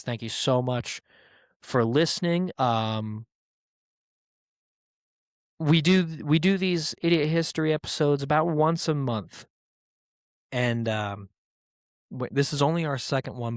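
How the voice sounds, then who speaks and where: A man's voice: medium pitch, no room sound, studio quality. A man hosting a podcast in a casual monologue, rambling and joking, with plenty of swearing and filler words. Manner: irreverent and joking. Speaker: podcast host.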